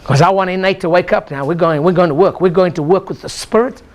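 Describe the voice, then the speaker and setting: A man's voice: sits high, quick pace, darkish tone. An older man, a chiropractor, giving an exclamatory motivational seminar talk and leading the audience in call-and-response chants. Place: lecture room with a live audience.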